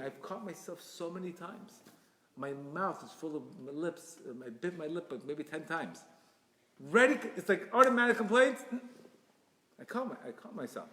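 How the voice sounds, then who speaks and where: A man giving an inspirational religious talk, emphatic and repetitive, with sudden loud bursts. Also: a little high. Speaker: Torah teacher. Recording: echoey hall reverb.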